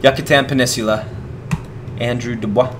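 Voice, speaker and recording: A man's voice: mid-range voice, moderate pace. Casual male gamer co-host, easygoing and chuckly, mid-range voice, faint ambient hiss behind. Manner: relaxed, chuckling, talks over gameplay. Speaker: let's play co-host. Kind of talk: casual gameplay chat.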